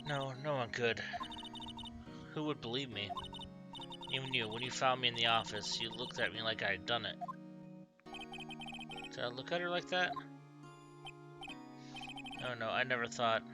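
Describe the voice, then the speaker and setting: A man's voice: medium pitch, moderate pace, pauses often, close to an everyday voice. A man reading as a timid young woman. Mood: sad. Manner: hesitant, stammering. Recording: game music behind the voice.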